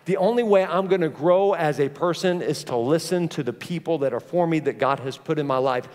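A middle-aged man preaching a sermon to a church congregation, telling stories in an animated way and putting direct questions to his listeners. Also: fairly high pitch, a little fast. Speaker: pastor. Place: large church auditorium. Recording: long hall reverb of a church auditorium.

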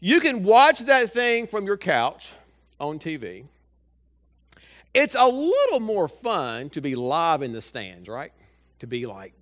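A male pastor preaches in a church sanctuary, his voice pitched high for a man and ringing bright. He keeps throwing questions straight at the congregation in a lively, conversational way. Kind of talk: sermon.

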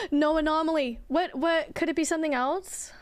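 A woman's voice: high voice, steady tone, normal speed, dry recording. A young woman streaming a game, chatting casually with viewers in a rambling way and swearing now and then. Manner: rambling, chatty, swears often, talks to chat. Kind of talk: casual gameplay chat with viewers.

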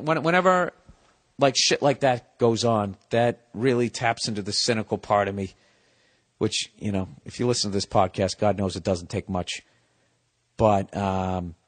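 This is a middle-aged man ranting on his podcast, casual and funny, cursing freely as he alternates between shouting bursts and low grumbles.

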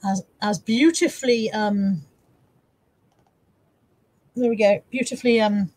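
A woman's voice: mid-range voice, takes it slowly, a little mellow, rough recording. A woman co-hosting a casual live stream, chatty and giggly, reading viewer comments aloud. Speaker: livestream co-host reading chat comments. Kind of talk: casual chat.

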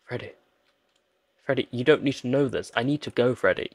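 A man's voice: medium pitch, brisk, long pauses, no room sound. Man pleading in game commentary. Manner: pleading, jokey, talks to game characters. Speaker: gaming channel host. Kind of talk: let's play commentary.

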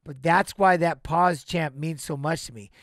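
A man chatting to his live-stream audience in a slightly high voice. He talks deliberately with frequent pauses, and his voice sounds close and dry. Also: gravelly, no echo. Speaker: live streamer reacting to a video. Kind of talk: casual live-stream talk to chat.

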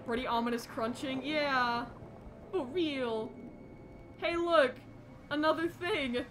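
A woman's voice: high-pitched, slow, pauses often, fairly bright tone, soft background music. A young woman streaming a horror game live, jittery and self-deprecating, chatting with her viewers. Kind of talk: casual live gameplay commentary.

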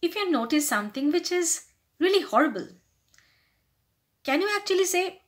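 A woman's voice: very high-pitched, sing-song, normal speed, long pauses. Earnest woman giving workplace advice. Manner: earnest, explaining, acts out polite and rude phrases. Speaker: lifestyle vlogger. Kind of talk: casual advice talk to camera.

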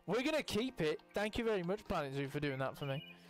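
Excitable young gaming commentator. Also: male voice, quick pace, faint music behind. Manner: excitable, swears casually, bursts into high exclamations. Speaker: gaming youtuber. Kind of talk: casual gameplay commentary.

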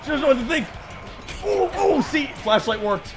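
A young man streaming a game, joking and reacting excitedly to the action. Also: very high voice, fast talker, loud music behind the voice. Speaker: gaming streamer. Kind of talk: let's play commentary.

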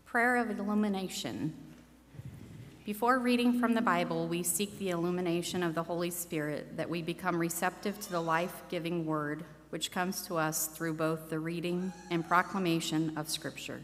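A woman with a Midwestern American accent reading scripture aloud in a measured, deliberate way. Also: lowish voice, steady tone, slight background noise. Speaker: scripture reader. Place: church sanctuary. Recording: church hall reverb.

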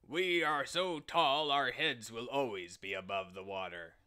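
A man voicing cruel giants who speak slowly and mockingly. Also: medium pitch, bright, forceful tone, clean tone. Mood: sneering. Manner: scornful, slow and mocking. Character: sneering, cruel male giants.

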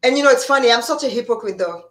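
A woman hosting a live show, chatting casually and telling lively anecdotes. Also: a little high, racing. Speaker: host. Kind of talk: casual chat.

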